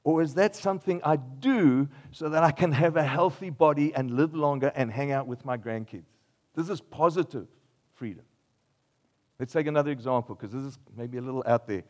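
An older man from Australia preaching a sermon, telling playful made-up examples with lively energy and then dropping to a quiet, earnest close. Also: a little high. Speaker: pastor.

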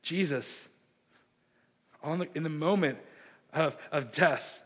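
A man preaching a sermon, earnest and impassioned, with a hushed delivery that builds into fervor. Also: a little high, slow pace. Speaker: pastor. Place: church sanctuary. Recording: long reverb of a large hall.

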